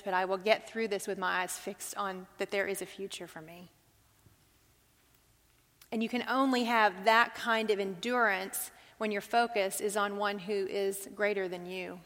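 A woman's voice: mid-range voice, fairly even intonation, moderate pace, fairly bright tone. A woman teaching a Bible study to a group, earnest, asking them questions as she goes. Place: large hall with a group. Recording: long hall reverb.

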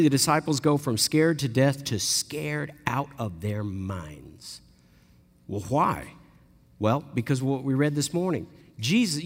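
A man of middle pitch preaches a sermon, and his voice rings with the long reverb of a large hall. He tells the story with animated delivery and briefly acts out the people he quotes.

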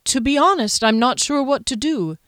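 A woman's voice: sits high, expressive, moderate pace, a bit bright, no echo, clean studio sound, pitched above the performer's own voice. A woman voicing a worried middle-aged shopkeeper and mother, earnest and anxious, in a slightly raised voice. It is an audiobook reading.

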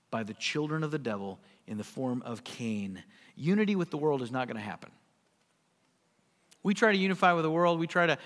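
A man's voice: a little high, fairly bright tone, in a large hall. A man preaching a sermon, emphatic and full of rhetorical questions. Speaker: pastor.

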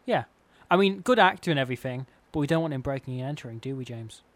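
A man co-hosting a comedy podcast, delivering absurd bits in a deadpan, mock-serious way. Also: medium pitch, fast talker, no room sound. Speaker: podcast co-host.

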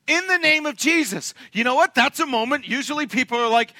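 A young man preaching a sermon to his congregation, animated and joking, often asking the room questions. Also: very high-pitched, a little fast, few pauses, dry recording. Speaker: pastor. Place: church sanctuary.

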